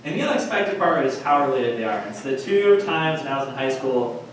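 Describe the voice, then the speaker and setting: A man's voice: medium pitch, very animated, a little fast. A man opening a story at a live storytelling night, easing in hesitantly. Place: comedy club stage. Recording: echoey room from far off, noisy.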